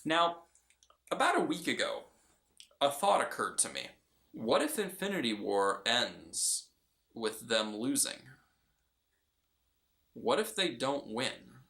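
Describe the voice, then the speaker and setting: A man's voice: mid-range voice, big pitch swings, slow, gravelly, pauses often, pushed and bright. A man giving a casual, earnest film review, often restarting and repeating his phrases. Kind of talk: casual movie review vlog. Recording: roomy echo.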